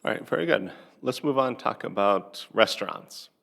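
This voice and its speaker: A man with a lowish, gravelly voice leads a speaking-practice lesson. He asks one question at a time, measured and patient, leaving room for an answer. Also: lively intonation, fairly bright tone. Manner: measured, pausing between questions. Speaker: English teacher. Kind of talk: asking practice conversation questions.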